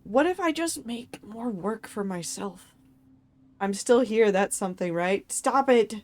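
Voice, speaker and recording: A woman's voice: a little high, lively intonation, a little slow. Emotional woman streamer talking to chat. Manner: emotional, tearful and laughing, talks to chat. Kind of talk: casual live-stream commentary.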